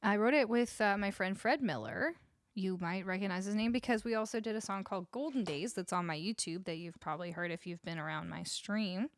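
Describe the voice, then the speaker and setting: A woman's voice: medium pitch, brisk, no echo. A Canadian woman, a musician, chatting casually with viewers on her home livestream between songs and cooing at her dog, close to a studio mic. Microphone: studio vocal mic close up.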